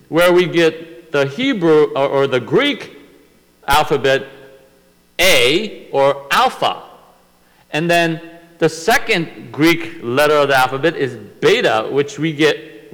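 Slow, lively-voiced male Bible teacher. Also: fairly high pitch, long reverb tail, low-quality recording. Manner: slow, explaining step by step with frequent restarts.

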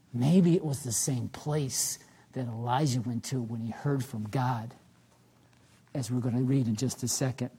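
A pastor with a slightly rough voice preaches a sermon, reading scripture aloud with rising emphasis. Then he drops low and soft to reflect on it.

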